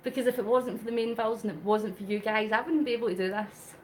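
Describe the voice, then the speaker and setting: Woman vlogger, high voice, earnest and emotional, slightly winded, phone mic, faint hiss. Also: quick pace. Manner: earnest, emotional, reads out viewer comments. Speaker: vlogger doing a live charity cycle. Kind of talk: live-stream chat while cycling.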